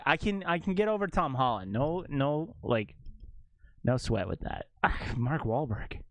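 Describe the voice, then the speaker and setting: Male streamer, casual ranting chat, very lively pitch, dry close mic. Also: no room sound. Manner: animated ranting, jumps to high exclaims and laughs.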